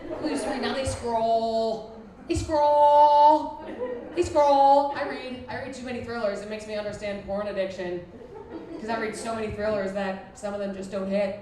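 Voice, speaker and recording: A woman's voice: medium pitch, little pitch movement, brisk, a little mellow. Brash crude woman comic in an echoey hall. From Buffalo, New York. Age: 30s. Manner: brash, crude, self-mocking punchlines. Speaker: stand-up comedian. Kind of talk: stand-up comedy set. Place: former library used as a venue, live audience. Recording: echoey distant room mic with noise. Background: audience laughter.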